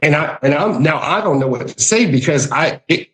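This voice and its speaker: Animated Southern man telling stories. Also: a little high, normal speed, low-quality recording. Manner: animated, acts out voices in his stories. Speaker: guest, winery hospitality director. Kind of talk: storytelling in casual podcast chat.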